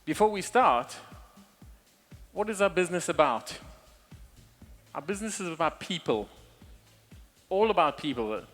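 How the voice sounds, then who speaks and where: A man hairstylist giving a candid, relaxed speech to hairdressers from a show stage. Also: on the high side, a little slow, long pauses, faint music behind. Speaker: session stylist and show presenter.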